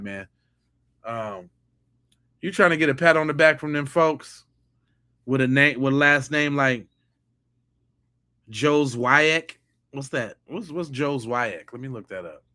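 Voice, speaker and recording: A man's voice: mid-range voice, sharp tone. A man hosting a live stream, talking casually and mocking viewers' comments in a heated tone. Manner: heated, mocking, talks straight at the chat.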